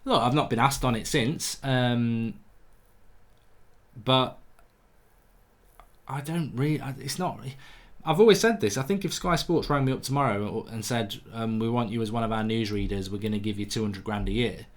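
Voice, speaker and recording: A man's voice: medium pitch, moderate pace. A man hosting a live football fan stream, reading chat comments aloud and answering in a blunt, opinionated way with frequent restarts. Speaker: football fan channel host.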